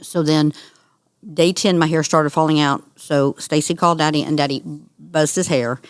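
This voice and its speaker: A middle-aged woman, a guest on an interview, telling her story in an earnest, animated way. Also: low voice, moderate pace, smooth, dry recording, studio quality. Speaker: guest, cancer survivor. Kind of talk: conversational interview.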